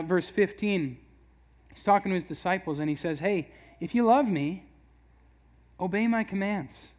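High-voiced young pastor, chatty and joking. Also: male voice. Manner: conversational, humorous, many restarts. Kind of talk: sermon.

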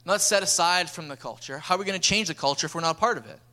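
A young man, preaching a lively sermon as a pastor and acting out stories. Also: high voice, rapid-fire. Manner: energetic storytelling preacher, acts out dialogue.

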